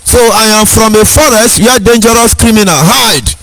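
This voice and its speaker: A man's voice: high voice, moderate pace, a bit bright, no echo, rough recording. A Nigerian man giving an impassioned speech, stressing his points by repeating questions and phrases. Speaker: speaker.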